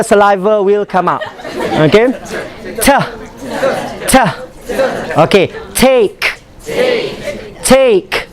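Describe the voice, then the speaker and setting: A man with a Malaysian accent teaching a pronunciation workshop, drilling sounds by repeating words and often chuckling. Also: high voice. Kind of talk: live classroom teaching. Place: workshop room full of students. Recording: students chattering in background.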